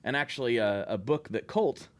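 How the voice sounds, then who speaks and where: A man in casual podcast chat with an ordinary mid-range voice and a friendly, conversational flow. He tells stories in an animated way and drops into quick acted-out bits of his own thinking. The pace shifts freely as he talks. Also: medium pitch. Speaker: podcast host.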